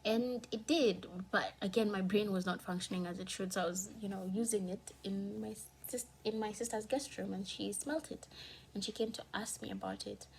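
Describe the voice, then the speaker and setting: A woman's voice: mid-range voice, fairly even intonation, normal speed, vocal fry, slight background noise. Emotional woman holding back tears. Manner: candid, emotional, swings from hushed to heated. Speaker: vlogger. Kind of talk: personal storytime vlog.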